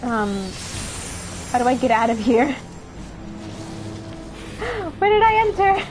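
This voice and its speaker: A woman streamer giving excitable, swearing, laughing live commentary while she plays. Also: a little high, slow, low-quality recording. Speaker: game streamer. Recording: game music loud behind voice.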